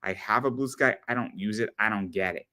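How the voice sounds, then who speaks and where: A man's voice: fairly low pitch, a little fast. Rambling, stammering male podcast host. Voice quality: rambling, animated storyteller with frequent stammered repeats. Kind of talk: casual chat.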